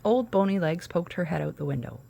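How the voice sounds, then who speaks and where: Brief: woman host narrating a kids' story, low voice with a gravelly edge, casual asides. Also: animated, brisk, warm tone, slight background noise. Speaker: podcast host. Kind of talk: reading a children's storybook aloud.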